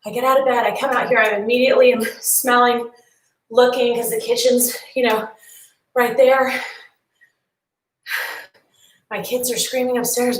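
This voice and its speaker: A woman's voice: fairly high pitch, flat delivery, moderate pace, long pauses, recorded from a distance. A woman leading a home workout, chatty and encouraging, swapping stories between exercise cues, tired and yawning. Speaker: fitness instructor. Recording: echoey room, voice a bit off-mic.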